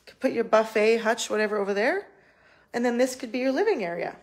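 A woman's voice: a little high, animated, a little fast. Chatty Canadian woman giving a home tour. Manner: chatty, upbeat, full of fillers and restarts. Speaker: real estate agent. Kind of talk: live video home tour. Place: indoors in a house, walking through rooms.

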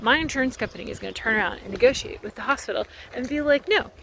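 A woman's voice: fairly high pitch, racing, creaky, noisy background. A woman walking outside while vlogging into her phone, talking in a rambling, heated, casual way with lots of fillers. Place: outdoors, walking.

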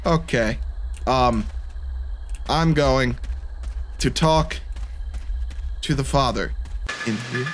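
A man's voice: mid-range voice, moderate pace, long pauses, music in the background. A young man giving joking, self-deprecating commentary while playing a horror game. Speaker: gaming YouTuber. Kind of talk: let's-play commentary.

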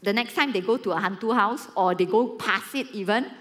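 A woman in her forties with a Malaysian English accent, preaching a sermon and telling a story with lively acted-out quotes. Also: mid-range voice, brisk. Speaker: pastor.

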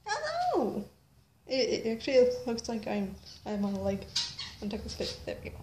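A woman's voice: medium pitch, steady tone, a little fast. A woman filming a casual vlog, greeting her animals in sing-song baby talk. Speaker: vlogger greeting her pets. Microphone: handheld camera. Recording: noisy outdoor camera audio.

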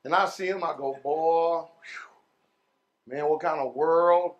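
High-voiced preacher swinging from shouts to murmurs. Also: male voice, fairly even intonation, dull audio. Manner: preaching with sudden shouts and drawn-out words; folksy, calls the congregation y'all and man. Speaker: pastor. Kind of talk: sermon.

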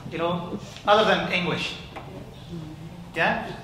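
High-voiced male minister in an echoey church. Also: fairly even intonation, slow, noisy background. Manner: interactive, questioning the congregation. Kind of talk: children's talk in church service. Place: large church hall.

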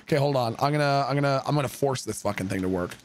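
A male streamer chatting casually with his viewers, excitable and swearing freely. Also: medium pitch, racing, slight background noise. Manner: excitable, swearing, laughing often.

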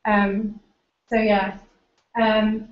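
A woman's voice: mid-range voice, monotone, very slow. A woman giving an informal seminar talk, explaining and pointing at pictures as she goes, in a lecture room. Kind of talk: informal academic presentation with slides. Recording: roomy, dull lecture recording.

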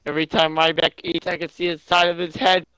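A man's voice: fairly high pitch, level tone, fast, clear, resonant tone, dry recording. Crude, mocking young male streamer. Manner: loud, crude, mocking, laughs often. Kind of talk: casual live-stream commentary.

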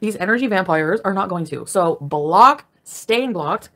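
A woman's voice: mid-range voice, expressive, measured pace, fairly bright tone. A woman ranting sarcastically and profanely during a casual livestream from her bed at home. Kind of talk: angry casual livestream rant.

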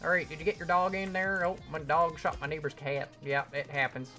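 A man's voice: fairly high pitch, level tone, fairly quick, bright, forceful tone, soft background music. A man playing an exaggerated folksy Canadian guy who calls everyone bud. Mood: chummy. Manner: drawling with "there, bud" and "eh".

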